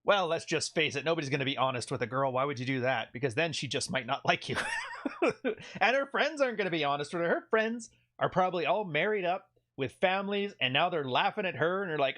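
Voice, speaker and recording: A man from Canada hosts a commentary video in a sarcastic, jokey way and is quick to laugh. His pitch swings widely and sits a little high. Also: animated, fairly bright tone.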